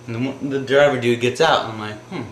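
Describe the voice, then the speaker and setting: A man's voice: mid-range voice, steady tone, brisk, reverberant, slight background noise. A man casually telling a true anecdote, rambling with filler words. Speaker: storyteller.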